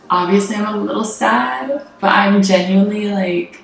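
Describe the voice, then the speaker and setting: A woman's voice: mid-range voice, unhurried, vocal fry, a bit bright. Heartfelt woman near tears, in an echoey room. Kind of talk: heartfelt talk to camera.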